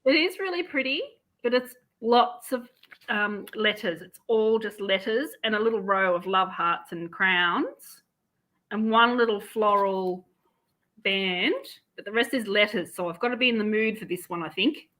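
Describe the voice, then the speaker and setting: A woman's voice: medium pitch, a little slow, fairly bright tone, low-quality recording. A woman, chatting casually as co-host and laughing easily. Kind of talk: casual chat.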